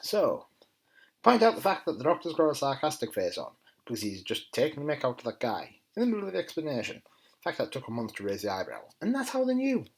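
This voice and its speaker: A man talks through a TV episode in a casual, enthusiastic way. His voice swings up and down a lot and has a faintly husky grain. Now and then he mutters quieter asides. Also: mid-range voice, wildly swooping pitch, quick pace, poor audio. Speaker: TV episode reviewer. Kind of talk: casual spoken review.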